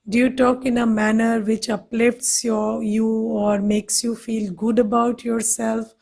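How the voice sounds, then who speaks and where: Woman, Indian English accent, meditation teacher, higher voice, flat and even, gentle questioning. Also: gravelly. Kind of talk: spiritual talk to a class.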